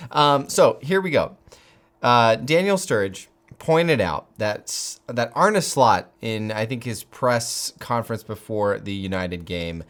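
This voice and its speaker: Excitable man with a lively, swooping voice. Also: medium pitch. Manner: excitable, gushing, jokey, laughs often. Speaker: football fan channel host. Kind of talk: excited fan commentary to camera.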